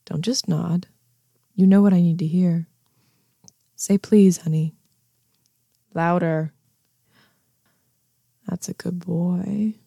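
Whispered role-play: woman as a self-assured, teasing neighbor, low and husky, close and dry. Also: dark tone, no echo, heavily acted. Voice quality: breathy, half-whispered. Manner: slow, coaxing, commanding.

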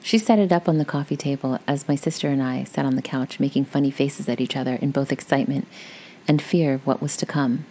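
A woman's voice: rumbling low, brisk, warm tone, a little hiss or hum. A woman reading a story aloud in a chatty, conversational way, with casual asides to her listeners. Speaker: story reader.

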